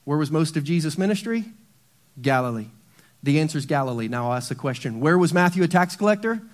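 A middle-aged man preaching a sermon in a church, swinging between hushed low emphasis and loud bursts. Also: lively intonation, fast. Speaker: pastor.

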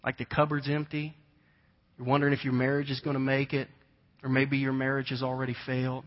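A man, preaching a conversational sermon and telling stories with animated voices. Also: medium pitch, a little fast. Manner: conversational storytelling, animated imitations of children. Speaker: pastor. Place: large church hall. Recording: long hall reverb, dull lo-fi sound.

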